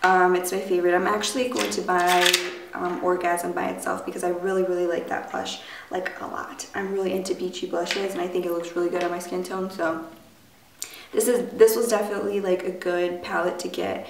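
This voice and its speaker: A young woman reviews beauty products in a loose, rambling way, with lots of fillers. Her voice sits a little low and sounds raspy, as if she has just woken up. She is recorded from a distance in an echoey room with faint background noise. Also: little pitch movement, fairly quick. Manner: chatty, filler-heavy, rambling. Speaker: beauty vlogger.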